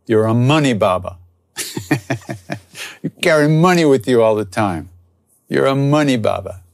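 A man's voice: mid-range voice, expressive, a little slow, creaky, pitched above the performer's own voice. A man voicing a male visitor who mocks a holy man. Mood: mocking. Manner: mocking.

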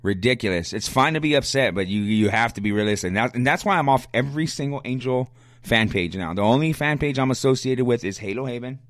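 A man's voice: medium pitch, expressive, quick pace, fairly bright tone, no room sound. A man hosting a solo sports podcast gets worked up as he argues with his listeners. He is blunt and repeats his points, and he coughs now and then. His voice sits in a middling range, and the close mic leaves the sound dry, with no room in it. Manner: fired-up, blunt, argumentative, repeats himself. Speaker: podcast host.

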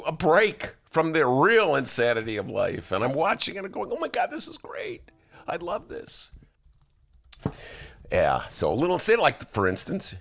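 A man hosting a talk show, telling a comic story with excited, high-pitched asides. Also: gravelly. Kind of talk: casual comedic monologue.

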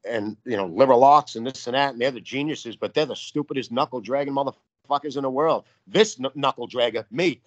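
A man talks as a guest on a podcast, swearing freely and rambling in a fired-up way. His voice sits at an ordinary pitch. The sound is dry and a little dull. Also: fairly quick, no echo. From New York. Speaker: guest artist. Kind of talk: casual interview talk.

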